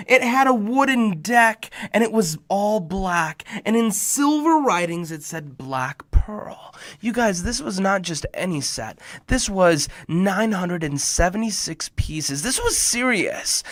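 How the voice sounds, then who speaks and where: A young man telling a personal story to children, animated and speaking directly to the listeners. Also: no room sound, studio quality. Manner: animated, addresses kids directly, jumps in pitch and loudness for emphasis.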